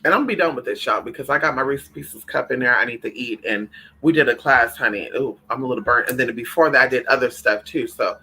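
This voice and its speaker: A man hosting a spiritual livestream, chatting casually with viewers in an animated, profane way, calling them honey and girl. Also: medium pitch, quick pace, husky, rough recording.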